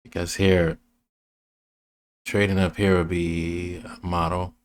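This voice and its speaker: Low-pitched male trading educator, slow and flat, loose rambling walkthrough. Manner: rambling, restarts often, many fillers. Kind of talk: casual chart walkthrough.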